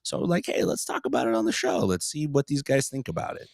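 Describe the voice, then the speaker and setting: A man co-hosting a casual podcast, speaking in a relaxed, rambling way. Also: medium pitch, quick pace, vocal fry, no room sound, studio quality. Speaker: podcast co-host.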